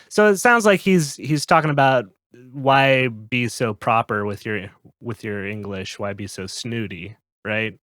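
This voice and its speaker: A man's voice: medium pitch, unhurried, fairly bright tone, dry recording. A man co-hosting a podcast in casual chat, making dry wisecracks and laughing often. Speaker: podcast co-host.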